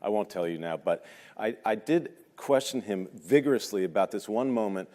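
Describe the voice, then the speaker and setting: Recorded with long hall reverb in a big lecture room, this fifties-aged man tells his own stories to the audience at a moderate pace. His voice sits on the low side with a darkish tone, and he comes across as chatty, hesitant and self-deprecating.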